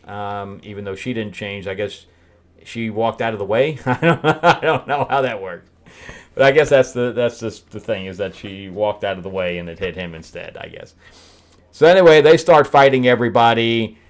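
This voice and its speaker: A man hosting a casual comic book review, wry and mocking, often breaking into laughter. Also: fairly low pitch. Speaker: host, screenwriter reviewing comics.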